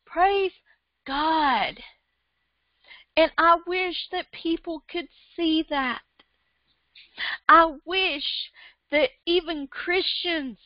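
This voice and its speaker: A woman's voice: sits high, dry recording, muffled recording. A woman preaching a sermon with fervent, emotional delivery, often breaking into repeated praises.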